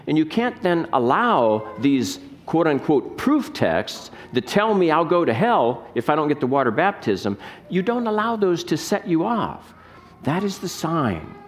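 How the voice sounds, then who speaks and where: A man's voice: on the high side, sing-song, unhurried. Guy pastor preaching, voice leaps up and down a lot, asks the crowd questions. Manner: emphatic, rhetorical questions, reads scripture aloud. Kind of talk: sermon.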